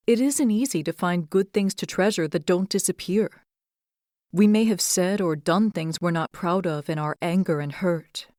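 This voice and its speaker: A young adult woman hosting a podcast, reading fairy tales aloud and reflecting on faith in an earnest, expressive way. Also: on the low side, dry recording, studio quality. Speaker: podcast host and storyteller. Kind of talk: storybook narration and devotional reflection.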